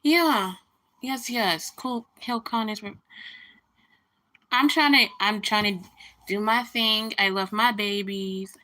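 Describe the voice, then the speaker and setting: A woman's voice: mid-range voice, slow, pauses often, bright, forceful tone. A woman hosting a casual livestream, venting indignantly about a rude comment and greeting viewers as she goes. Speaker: livestream host.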